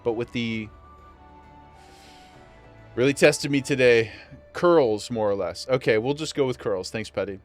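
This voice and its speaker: A man's voice: medium pitch, moderate pace, long pauses, faint music behind. A man streaming a game, chatting casually to chat in a playful, self-mocking way. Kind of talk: casual gameplay commentary.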